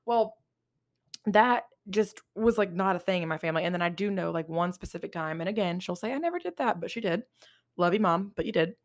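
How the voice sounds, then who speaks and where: A young woman talks through her solo podcast in loose, candid chat, cursing freely and laughing as she goes. Her voice sits fairly low for a woman. The sound is dry and close, with no room around it. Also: brisk, no echo. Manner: candid, swears a lot, laughs often. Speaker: podcast host.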